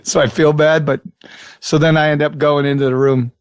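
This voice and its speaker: A man co-hosting a podcast, telling a travel story in casual chat with lots of swearing and animated retelling. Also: on the high side, normal speed, smooth, dry recording, clean studio sound. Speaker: podcast co-host.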